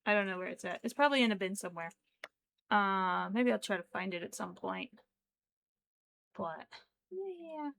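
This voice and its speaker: A woman chatting casually on a craft livestream, slow and chatty, at times cooing baby talk to her pet. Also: medium pitch, animated, vocal fry, a bit bright, low-quality recording. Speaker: crochet streamer.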